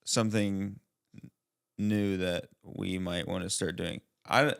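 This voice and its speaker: A man's voice: low voice, steady tone, takes it slowly, creaky, clear, resonant tone. A young man co-hosting a podcast, rambling with lots of fillers and tossing out playful questions. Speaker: podcast co-host. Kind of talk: casual chat.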